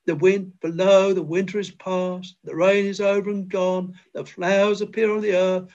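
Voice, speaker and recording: Older male preacher, slow fervent chapel sermon, slightly high voice, dull lo-fi recording. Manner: fervent, tender, quoting scripture and hymns. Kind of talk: old-fashioned chapel sermon.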